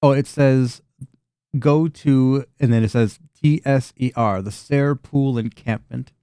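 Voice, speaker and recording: A man with a warm, smooth voice narrates a tabletop game as its game master, sketching scenes loosely and restarting his sentences often. He sounds close to the mic in a dry room. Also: medium pitch, takes it slowly, no echo. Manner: loose, rambling description with frequent restarts and fillers.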